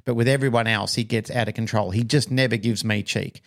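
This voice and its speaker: This is a middle-aged man with an Australian accent, talking casually as a podcast co-host. He tells a personal story in an animated way and lends the people in it their own voices. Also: on the low side, fairly quick.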